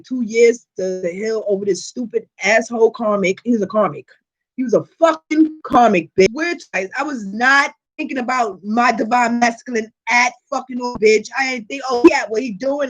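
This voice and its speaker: A woman with a high voice tells a personal story straight to her viewers in a casual vlog. Her delivery is animated and full of profanity. She keeps checking in with the audience as she goes. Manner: frequent rhetorical check-ins to viewers. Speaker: tarot reader and channel host.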